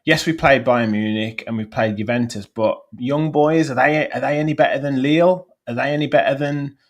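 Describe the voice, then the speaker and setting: A man's voice: mid-range voice, normal speed. A man, a guest fan on a football podcast, ranting bluntly about his team.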